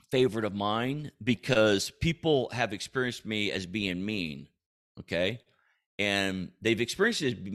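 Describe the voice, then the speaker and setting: A man with a somewhat low voice hosts a faith-based coaching podcast. He talks in a punchy, emphatic way and often checks in with his listeners. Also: a bit bright. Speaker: podcast host.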